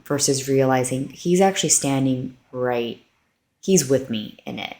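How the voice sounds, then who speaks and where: A woman's voice: very deep voice, measured pace, darkish tone. A woman co-hosting a faith-based podcast, telling personal stories in an earnest, heartfelt way. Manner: earnest, heartfelt, storytelling with many likes. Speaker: podcast co-host. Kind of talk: faith-based casual chat.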